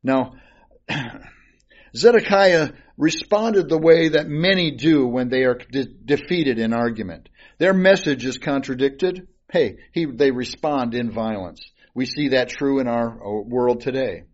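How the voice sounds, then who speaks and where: A Bible teacher leads an informal study, reading old scripture aloud and then explaining it casually with fillers and restarts. His voice is mid-range and a little slow, captured on a dull lo-fi recording.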